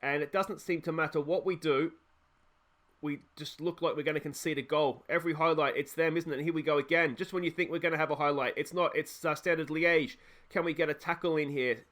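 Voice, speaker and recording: A young Australian man narrates his football management game live, chatty and quick to get excited. His voice sits a little high, and he breaks off to talk to his players. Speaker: let's play host.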